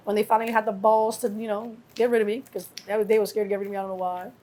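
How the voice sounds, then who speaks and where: A middle-aged woman from New York, a guest telling stories in a casual interview, acting out quotes with lively swearing. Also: mid-range voice, racing, a little hiss or hum. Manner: animated storyteller acting out quotes, heavy cursing. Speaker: guest, mother of a rapper.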